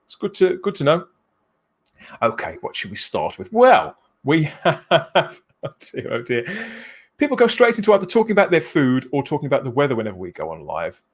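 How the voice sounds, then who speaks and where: A man hosts a live stream in a very animated voice that swings up and down. He is excitable and jokey and laughs often. His pitch sits a little high. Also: normal speed. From England. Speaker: livestream host. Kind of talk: casual live show chat.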